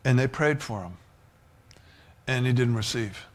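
A man preaching a sermon, building from low, even talk to loud fervor and at times dropping to a whisper. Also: a little slow.

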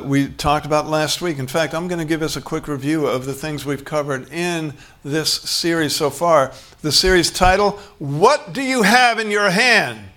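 A pastor gives a sermon in a conversational way, his male voice on the high side with a fairly bright tone. He acts out short bits of dialogue and chuckles as he goes.

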